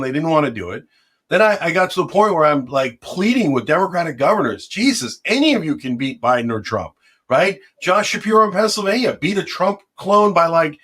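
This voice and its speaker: A man's voice: fairly high pitch, a bit bright. Fiery, emphatic middle-aged man. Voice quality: passionate, combative and emphatic. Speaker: political commentator considering a run for office. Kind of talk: interview conversation.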